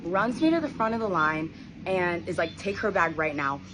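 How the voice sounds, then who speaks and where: A young woman with a low, deep-set voice tells a personal story in a casual vlog. She is animated and slips into the voices of the people she quotes. Steady background noise sits under her voice. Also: normal speed. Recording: noisy background ambience.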